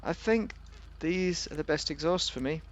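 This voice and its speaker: A man's voice: on the high side, expressive, moderate pace, slight background noise. A man giving a casual, rambling, jokey commentary while reviewing a car in a video game.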